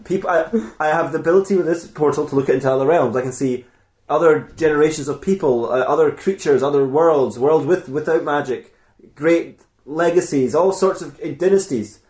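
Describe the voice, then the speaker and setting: A man's voice: fairly high pitch, fairly quick, a little mellow, voice pushed up, natural voice. A man voicing a bossy, snappish old female witch in an exasperated, bickering manner. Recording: roomy echo.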